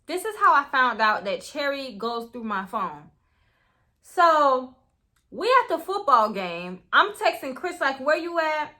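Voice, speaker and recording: A young woman telling a story in a casual, animated way. She swears freely and keeps talking straight to her viewers. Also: high-pitched, a little slow. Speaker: storytime vlogger.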